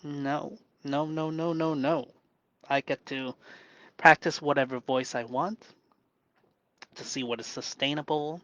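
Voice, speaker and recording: A man in a reflective live monologue, speaking gently and softly in a deliberately lowered voice, thinking aloud with pauses and restarts. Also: steady tone, dry recording, rough recording. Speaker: self-coaching vlogger.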